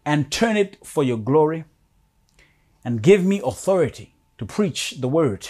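A pastor preaching a sermon, reading scripture aloud with rising emphasis and calling out to the congregation. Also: male voice, on the high side, very animated, a little mellow, slightly rough. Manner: slow, deliberate preaching with dramatic swells.

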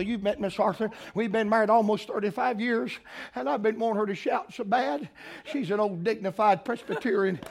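An older man with a Southern US accent, preaching a sermon as pastor, moving between quiet storytelling and shouted exhortation. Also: high voice. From South Carolina.

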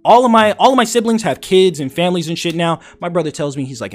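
A man's voice: high voice, fast. A man hosting a podcast, telling a long story in casual, profane chat and acting out the quotes. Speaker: podcast host.

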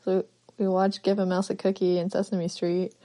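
A woman's voice: medium pitch, monotone, normal speed, mellow. A woman co-hosting a podcast in casual chat, a mother telling amused anecdotes. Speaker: podcast co-host.

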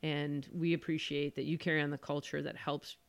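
A woman's voice: sits low, level tone, a little fast, creaky. A woman appearing as a podcast guest in casual chat, speaking in an earnest, heartfelt way. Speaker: podcast guest, veteran filmmaker.

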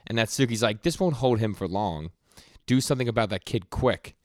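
The lowish, slightly mellow voice of a young male podcast co-host is heard with clean studio sound and no echo. In a laid-back manga recap chat, he relays scenes as rapid quoted lines, stammering often and fumbling his words.

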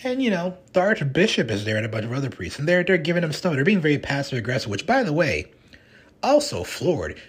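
A man hosting a podcast, rambling through a casual, animated retelling of a film. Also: on the high side, brisk, husky. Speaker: podcast host. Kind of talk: casual chat.

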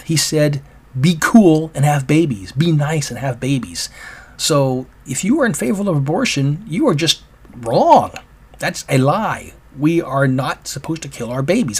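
A man hosting a solo opinion podcast, talking in a rambling, halting way with many restarts. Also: a little high, animated, a little mellow, breathy edge. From Oregon, US. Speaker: podcast host.

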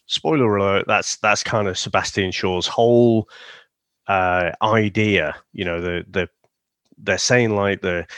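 A man's voice: deep voice, a bit bright, dry recording, clean studio sound. A man co-hosting a casual film review chat, rambling through the plot and laughing often. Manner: rambling, laughs often, drops into silly voices. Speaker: podcast co-host.

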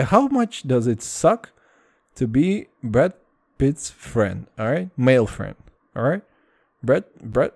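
A man's voice: mid-range voice, vocal fry, a little mellow, no room sound, studio quality. A man chatting casually in a vlog, rambling and swearing, often repeating "dude" and "all right".

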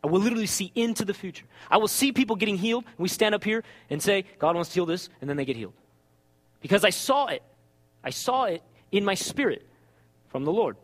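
A man preaching a sermon as a pastor, telling stories with lively acted-out dialogue. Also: high-pitched, fast talker, long reverb tail. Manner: animated storytelling, acts out dialogue.

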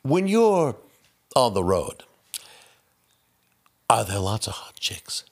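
A man's voice: medium pitch, very animated, takes it slowly, pitched above the performer's own voice, full character voice. A man putting on a brusque, clipped voice as an aging male celebrity actor in a told anecdote. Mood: leering.

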